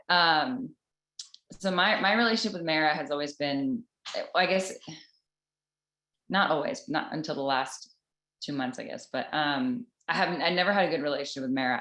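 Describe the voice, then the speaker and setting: Woman with a low voice sharing a heartfelt personal story with a group, halting, recorded in an echoey room. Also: fairly bright tone. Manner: earnest and halting, with many restarts. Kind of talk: personal spiritual testimony. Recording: roomy echoing room.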